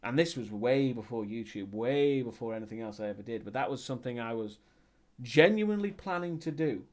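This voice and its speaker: Chatty Welsh man, lively pitch. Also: fairly quick. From Wales. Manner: chatty, wry, self-correcting asides. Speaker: streamer. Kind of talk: casual chat reading live chat.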